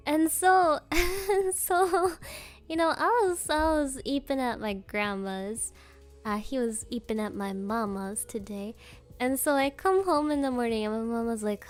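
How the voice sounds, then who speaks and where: A woman's voice: high-pitched, a little slow, faint music behind. A young woman streaming as a VTuber, chatting casually and rambling with giggles and playful quoted voices.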